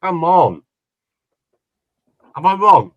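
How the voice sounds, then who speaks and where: Rambling man, lively high voice. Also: very slow, no room sound, dull audio. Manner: rambling, sarcastic mimicry. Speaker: panel guest. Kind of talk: casual panel discussion.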